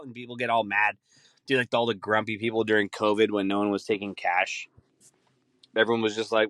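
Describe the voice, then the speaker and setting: Guy rambling and cussing on his podcast, lowish voice, dry close sound. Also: steady tone, fast talker, fairly bright tone, no room sound. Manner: rambling, profane, laughing often. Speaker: podcast host. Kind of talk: casual solo podcast rant.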